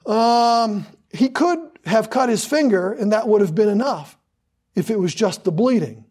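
Husky fervent preacher man. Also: high voice, animated, darkish tone. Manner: fervent, hammering repetition, drawn-out emphasis on scripture. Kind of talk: sermon.

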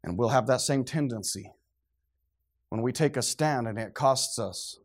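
A man preaching a sermon, animated and dramatic, acting out scenes and swinging from quiet, low passages to shouted ones. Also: a little slow.

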